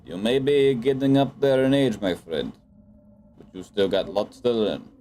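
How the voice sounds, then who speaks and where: A patient, fatherly old family elder, voiced by a man in a tabletop game, talking down gently to his son. The voice is mid-pitched with faint background noise. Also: unhurried, natural voice. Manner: patronizing, fatherly.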